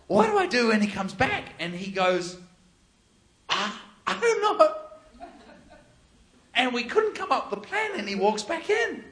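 High-voiced preacher telling a story. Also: male voice. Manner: animated, laughing, acts out quotes. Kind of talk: storytelling sermon.

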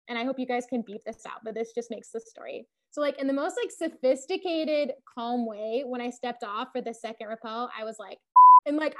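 Young woman chatting away, kinda high voice, lots of "like", laughs as she goes. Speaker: podcast host telling her climbing story. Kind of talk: casual storytelling chat.

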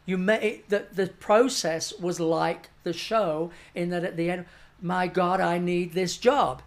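A man's voice: high voice, flat delivery, a little slow, vocal fry. An older man, a stage actor, tells an anecdote in an interview and acts out the voices of the people he quotes. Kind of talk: anecdotal storytelling.

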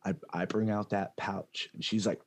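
A man's voice: lowish voice, flat delivery, moderate pace. A young man chatting casually as a podcast co-host, laid-back and slangy, often trailing off and restarting. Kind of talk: casual chat.

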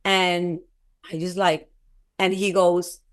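A woman who is a guest in an interview, telling a personal testimony in a halting, earnest way, with many filler words and restarts. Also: lowish voice, little pitch movement. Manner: earnest, often breaks into laughter.

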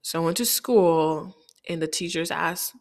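A woman's voice: on the low side, a little slow. A woman from Haiti telling a candid, reflective personal story, often quoting people in dialogue.

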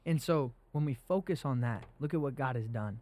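A man's voice: mid-range voice, brisk, darkish tone. A young man hosting a casual faith podcast, talking earnestly and animatedly about scripture. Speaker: podcast host.

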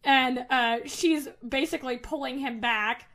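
A woman's voice: sits high, a little slow, fairly bright tone. A woman narrating as game master in a tabletop game, with lots of hesitant fillers.

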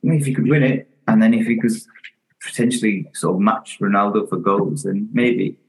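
A man's voice: on the low side, steady tone, fairly quick, poor audio. A man as a guest in a casual football chat, hedging and hesitant.

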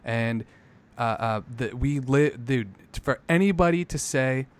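A man in casual podcast chat, talking emphatically with lots of swearing and getting loud as he makes his points. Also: mid-range voice, measured pace, clean tone. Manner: emphatic, profane, builds into loud rants.

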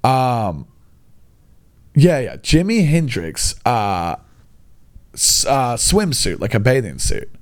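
A man's voice: medium pitch, big pitch swings, slow pace, pauses often. A young man telling a rambling comic story, jumping between asides and mocking the people he quotes. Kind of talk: comedic storytelling monologue.

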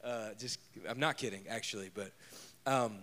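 A man's voice: lowish voice, moderate pace, pushed and bright. A man preaching a conversational sermon as pastor, joking and telling stories from home. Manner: chatty and joking, tells personal stories.

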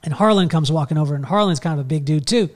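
A middle-aged man recounts a personal story in a loose, animated podcast style. His voice sits a touch higher than most men's, and he rambles on with plenty of fillers and false starts. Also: fast talker. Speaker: podcast host telling a story. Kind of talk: casual storytelling.

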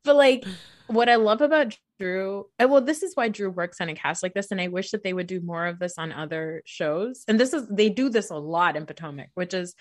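A woman co-hosting a casual chat, animated and chatty, acting out quotes and laughing often. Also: medium pitch, a little fast, no echo, clean studio sound. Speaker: podcast co-host. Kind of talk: casual reality TV recap chat.

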